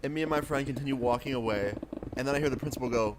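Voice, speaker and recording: A young adult man streamer telling a story in a casual, profane, animated way, with a noisy background of keyboard clicks. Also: mid-range voice, racing.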